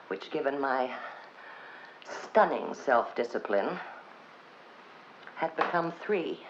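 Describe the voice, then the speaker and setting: Sarcastic boozy woman, slow low voice, big swings, muffled old film sound. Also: expressive, exaggerated voice. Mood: wry. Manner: sardonic, theatrical, sweeping pitch swings. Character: wry, bitter woman, a heavy drinker. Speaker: actress in a filmed stage play. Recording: dull old film soundtrack with faint hiss.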